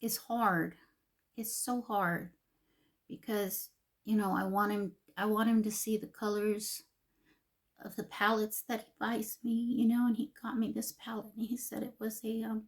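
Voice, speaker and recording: A woman's voice: a little high, steady tone, a little slow. An older woman chatting while getting ready, emotional and confiding, sometimes dropping to a whisper. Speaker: vlogger.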